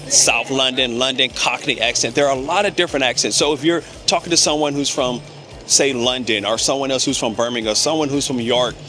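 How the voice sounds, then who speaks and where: A man's voice: mid-range voice, sharp tone. An American man giving earnest, emphatic advice in a vlog to camera, stretching out key words for emphasis. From United States. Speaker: vlogger.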